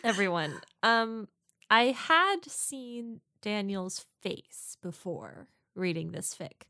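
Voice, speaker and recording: A woman's voice: mid-range voice, expressive, slow, pushed and bright, no echo. A chatty woman co-hosts a podcast, rambling through her thoughts with fillers and easy laughter. Her voice sits in an ordinary middle range. The sound is dry and close, with no room around it. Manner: chatty, giggly, many fillers. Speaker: podcast co-host. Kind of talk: casual chat.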